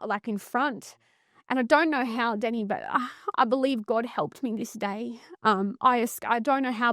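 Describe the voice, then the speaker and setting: Australian woman guest, higher voice, intense and blunt, dry close sound. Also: no echo. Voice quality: earnest, intense, blunt with swearing. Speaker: psychotherapist guest. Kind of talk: emotional personal story in podcast conversation.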